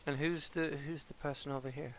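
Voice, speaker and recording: A fairly high-pitched man speaks a little fast in a steady, somewhat bright tone, with a faint hiss or hum. The English gaming streamer, an adult father of a son with a British accent, offers casual commentary from his home green-screen setup. He rambles as he plays and responds out loud to the on-screen characters.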